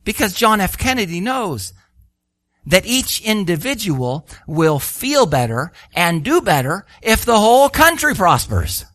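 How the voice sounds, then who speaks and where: A man preaching a sermon, animated and full of rhetorical questions, acting out the voices he quotes. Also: high-pitched, unhurried, dry recording.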